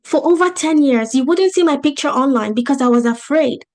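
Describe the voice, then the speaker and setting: Woman business coach, non-native English accent, slightly high pitch, emphatic motivational delivery over a video call. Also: lively intonation, brisk, a little mellow. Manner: motivational, emphatic, rhetorical questions. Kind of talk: webinar teaching.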